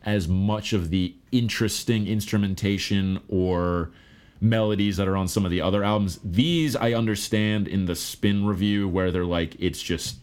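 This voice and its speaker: A man co-hosting a podcast in casual chat, talking in an animated way and often dropping in quick "okay" and "gotcha" replies. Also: low voice, smooth. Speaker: podcast co-host.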